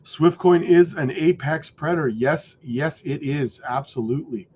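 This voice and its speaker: A man hosting a casual crypto livestream, greeting viewers by name, his voice going hoarse. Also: mid-range voice, moderate pace. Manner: chatty, shouts out viewers by name. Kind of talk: casual livestream chat reading comments. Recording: dull lo-fi audio.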